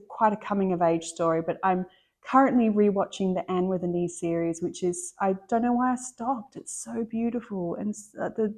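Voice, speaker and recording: Middle-aged woman, casual book chat, enthusiastic, chatty, mid pitch, restarts sentences. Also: mellow. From Australia. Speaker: book vlogger.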